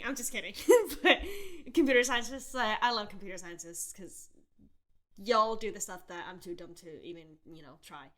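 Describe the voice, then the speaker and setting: A woman's voice: mid-range voice, moderate pace. Candid, laughing young woman podcaster. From Southern California. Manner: candid, animated, laughs often, many fillers. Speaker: podcast host. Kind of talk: casual storytelling rant.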